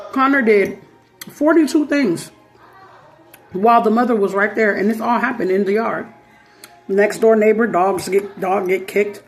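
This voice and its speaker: Animated slangy woman telling a story. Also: medium pitch. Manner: animated, slangy, acts out quoted voices. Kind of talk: casual storytelling commentary.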